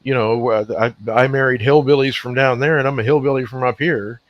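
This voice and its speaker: A man's voice: mid-range voice, steady tone, brisk, no echo. Rambling man on a dull, dry line. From Nova Scotia, Canada. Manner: rambling, stop-start storytelling. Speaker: podcast co-host. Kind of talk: casual chat.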